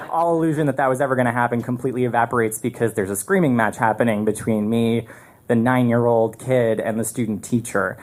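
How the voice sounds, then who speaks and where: A man tells a story on a live stage through a microphone, his delivery animated and rambling. He circles back with restarts and fillers as he builds the scene, in a loose, spoken style rather than a polished read. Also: medium pitch.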